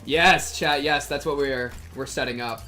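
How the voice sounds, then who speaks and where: A young man streaming live, commenting on a game in an excitable, rambling way, with many fillers. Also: medium pitch, unhurried, faint music behind.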